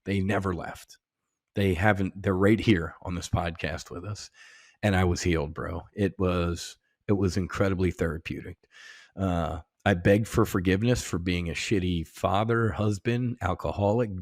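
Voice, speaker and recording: Low-voiced man telling stories loosely. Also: no room sound, studio quality. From United States. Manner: profane, animated storytelling with many restarts and slang. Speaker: podcast guest. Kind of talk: casual conversation.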